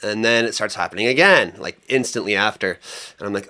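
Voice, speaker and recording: A young man co-hosting a podcast, telling a story in a lively, colloquial way with lots of fillers. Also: on the low side, fairly quick. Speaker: podcast co-host. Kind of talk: casual chat.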